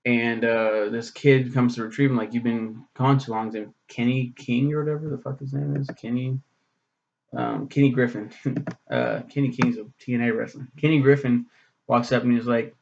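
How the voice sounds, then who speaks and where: A man's voice: medium pitch, fairly even intonation, moderate pace, gravelly, a little mellow, dull audio, a little hiss or hum. A man casually reviewing a short story for his vlog, rambling and swearing, with many "um"s. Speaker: book reviewer.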